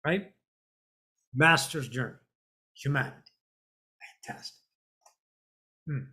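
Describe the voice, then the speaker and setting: A woman's voice: rumbling low, sharp tone. Blunt, profane woman preaching spirituality. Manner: emphatic, drawn-out stresses. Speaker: spiritual teacher. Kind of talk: spiritual monologue.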